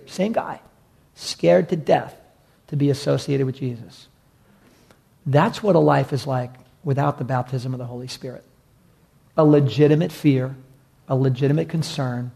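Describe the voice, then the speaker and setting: A man preaching a sermon as pastor, animated, acting out the voices of people in the crowd. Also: a little high, vocal fry.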